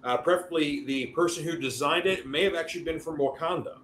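A man co-hosting a podcast in casual chat, pausing often with "uh" as he talks. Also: a little high, fairly bright tone, a little hiss or hum. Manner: hesitant, many uh fillers. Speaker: podcast co-host.

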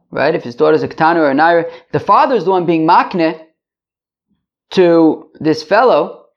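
Man teaching in dull lo-fi audio. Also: on the high side. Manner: explains step by step, repeating phrases and asking rhetorical questions. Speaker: Talmud teacher. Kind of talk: daily Talmud lesson.

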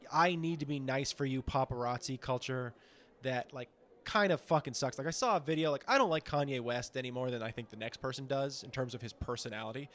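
A man co-hosting a comedy podcast in casual, profane, rambling chat full of "like"s. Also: medium pitch. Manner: animated, profane, rambling with many "like"s. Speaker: podcast co-host.

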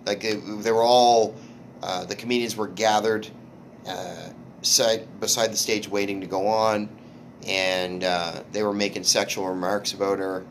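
Male host, lowish voice, halting storytelling, light hiss behind. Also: little pitch movement. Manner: halting storyteller with restarts and swearing. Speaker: podcast host, comedian. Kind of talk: casual podcast chat.

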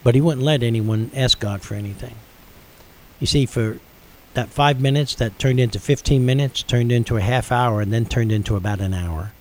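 A man's voice: medium pitch, moderate pace, slight background noise, low-quality recording. A middle-aged man hosting a radio show, earnestly telling a personal faith story with building intensity.

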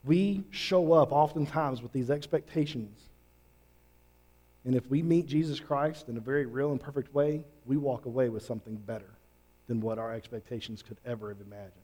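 A man preaching a sermon, earnest and emphatic, with drawn-out pauses. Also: medium pitch, mellow. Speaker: pastor.

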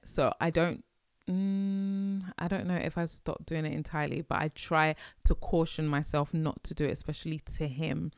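A woman's voice: sits low, fairly even intonation, moderate pace, vocal fry, smooth, no room sound, clean studio sound. A woman hosting her podcast, talking in a chatty, rambling way and laughing often. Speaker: podcast host. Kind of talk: casual monologue.

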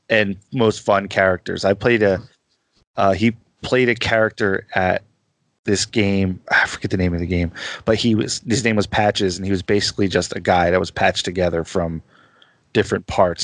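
A man chatting casually as a guest on a podcast, easygoing and quick to laugh at himself. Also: deep voice, no room sound.

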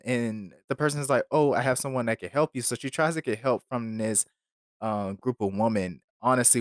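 A man's voice: mid-range voice, no room sound, clean studio sound. A man hosting a podcast episode, talking casually and rambling with lots of fillers and wry asides. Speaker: podcast host reviewing a film. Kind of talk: casual chat.

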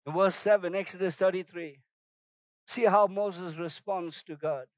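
A man with a strikingly high voice delivers a sermon, exhorting his listeners with emphatic, repeated lines. The sound is close and dry, with no room around it. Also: steady tone, unhurried, no echo, rough recording. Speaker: preacher.

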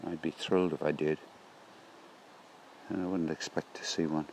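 A man's voice: very deep voice, little pitch movement, normal speed, a little mellow, slight background noise. A middle-aged man musing aloud in a rambling spoken diary, recorded outdoors beside a stream on a handheld phone. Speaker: vlogger.

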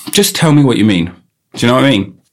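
A man's voice: medium pitch, lively intonation, moderate pace. A man hosting a comedy podcast into a studio mic, riffing playfully and repeating bits in silly voices. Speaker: podcast host. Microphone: studio microphone.

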